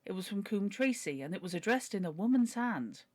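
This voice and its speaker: A woman's voice: medium pitch, very animated, fairly quick, darkish tone. A woman voicing a humble, pleading older male butler while reading a novel aloud. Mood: earnest. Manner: earnest, deferential, begging.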